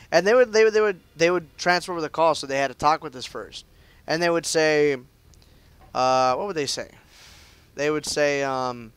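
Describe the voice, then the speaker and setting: A man's voice: fairly high pitch, normal speed, fairly bright tone, clear, resonant tone, no room sound. A young man chatting loosely through live gameplay commentary, with lots of fillers and restarts. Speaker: game streamer.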